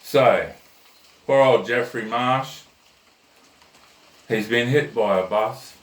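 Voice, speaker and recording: A man's voice: medium pitch, slow. A blunt man hosts a comic rant and tells a crude joke in a loose, chatty way. His voice sits in the middle range, and it comes from a distance in an echoey room. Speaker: host. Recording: roomy echo, mic at a distance.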